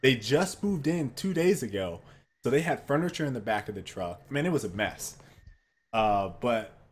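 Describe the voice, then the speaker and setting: Animated storytelling man, swearing. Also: medium pitch. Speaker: co-host. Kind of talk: casual chat.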